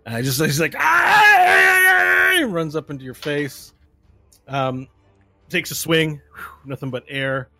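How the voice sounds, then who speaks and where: A man's voice: medium pitch, fairly even intonation, measured pace, long pauses, pushed and bright, no echo, soft background music. A man running a tabletop game as game master, narrating the action vividly and throwing in playful sound effects.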